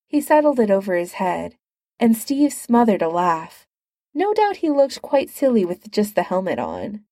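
Woman narrating with lively pitch. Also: measured pace, dry recording, studio quality. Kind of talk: fan fiction audiobook reading.

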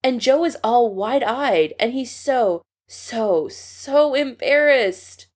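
A woman reading a fan story aloud with expressive narration. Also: a little high, takes it slowly. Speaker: story reader.

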